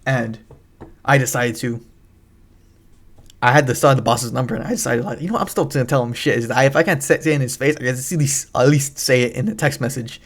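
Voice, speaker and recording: A man's voice: mid-range voice, brisk. Young man rambling, profane storytelling. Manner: rambling, profane, frequent restarts. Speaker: gaming channel host. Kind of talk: casual storytelling over gameplay.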